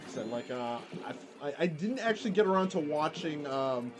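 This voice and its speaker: A man's voice: a little high, expressive, normal speed, over music. A man streaming and chatting casually while he plays a game, rambling with lots of fillers and restarts. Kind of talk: casual chat while gaming.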